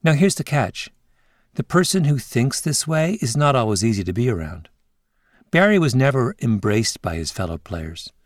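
A male podcast host narrating a scripted story in a measured way, with interview clips in between. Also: medium pitch, sing-song, no room sound, studio quality.

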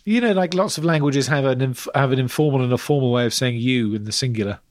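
A man's voice: medium pitch, fast talker, no room sound. A British man co-hosting a podcast in casual chat, with a dry, word-playing wit. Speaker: podcast host.

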